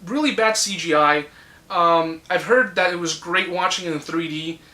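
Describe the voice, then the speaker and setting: A man's voice: sits high, normal speed, pushed and bright. A man in his twenties giving his blunt, ranting opinions on movies in a casual vlog, swearing freely. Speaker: movie reviewer. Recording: echoey room.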